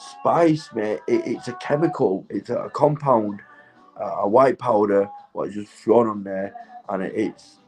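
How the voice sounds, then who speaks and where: A man's voice: lowish voice, a little slow, faint music behind, poor audio. A man, stoned, rambling in a casual vlog monologue, swearing heavily and laughing often. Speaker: vlogger.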